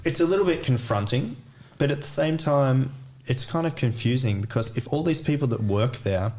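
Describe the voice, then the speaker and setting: A man's voice: mid-range voice, lively intonation, normal speed, noisy background. Rambling Australian man, casual chat. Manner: rambling, lots of filler words. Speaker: guest, DJ and music producer.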